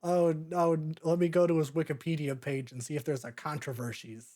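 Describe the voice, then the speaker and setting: Talking through a film in a loose, rambling review chat, this podcast host laughs frequently. The delivery is brisk, and the mid-range voice has a dark tone.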